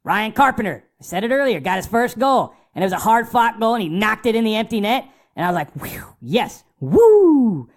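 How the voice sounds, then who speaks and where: Excitable, foul-mouthed man recapping hockey. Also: sits high, fairly quick, few pauses. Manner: excitable, profane fan talk; acts out his own remarks in quotes. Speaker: hockey podcast host. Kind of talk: casual sports podcast recap.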